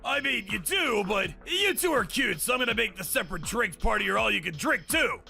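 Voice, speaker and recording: A man's voice: high voice, animated, brisk, gravelly, bright, forceful tone, soft background music, full character voice. A man playing a smarmy flirty shop worker. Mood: smug. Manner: showy, boastful, breezy. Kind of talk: animated dub acting.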